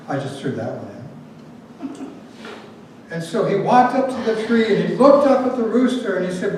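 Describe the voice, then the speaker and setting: A man's voice: high voice, moderate pace, pauses often. A man preaching to a gathered audience, telling a fable with playful asides before drawing out its lessons. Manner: lively storyteller, adds asides and jokes. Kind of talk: storytelling sermon. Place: large room with a gathered audience. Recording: very echoey, distant, faint noise.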